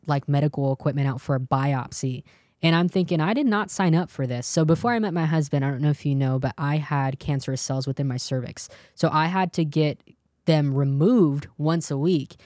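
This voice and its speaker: Speaking at a moderate pace in a low, darkish voice, a young woman from California tells her personal testimony as an interview guest. The recording is dry, clean studio sound. She's earnest and brings in quoted dialogue from the people in her story.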